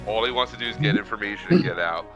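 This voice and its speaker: A man's voice: fairly low pitch, racing, music in the background, low-quality recording. A man playing a tabletop game, chattily describing what his character does. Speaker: player. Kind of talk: casual tabletop play.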